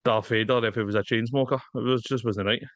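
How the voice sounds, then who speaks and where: A man's voice: medium pitch, fairly even intonation, fast talker, a bit bright, no echo. A man with a Glaswegian accent co-hosting a podcast, talking in a laid-back, sweary way. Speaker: podcast co-host. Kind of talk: casual chat.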